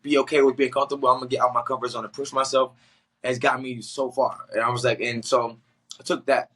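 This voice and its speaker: A young man from the Boston area tells a long personal story as a podcast guest. His voice is bright and forward at a middle pitch. He talks casually and loosely, with slang, and keeps slipping into the voices of the people he quotes. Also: fast, slightly rough. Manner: animated storyteller acting out quotes with slang and laughs. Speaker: guest, actor.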